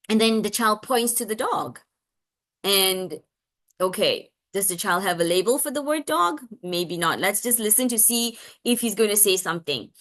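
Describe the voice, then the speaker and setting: Chatty woman speech therapist, many restarts. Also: medium pitch. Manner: acts out lively sing-song examples. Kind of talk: parenting webinar talk.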